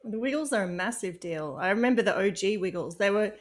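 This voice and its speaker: A woman's voice: medium pitch, lively intonation, fast talker. A woman from Australia chatting casually as a podcast guest, rambling and giggling easily.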